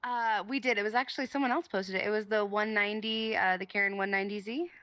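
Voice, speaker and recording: Woman running a roleplay game event, chatty n friendly, checking on everyone, mid pitch. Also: steady tone, fast, pushed and bright, clear, resonant tone, no echo, rough recording. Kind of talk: casual in-game roleplay chat.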